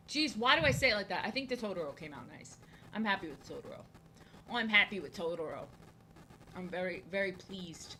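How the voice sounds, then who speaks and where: A woman's voice: medium pitch, expressive, brisk, pushed and bright, slight background noise, low-quality recording. A woman chatting casually on a live stream while she draws, rambling, repeating lines and poking fun at herself. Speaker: art streamer.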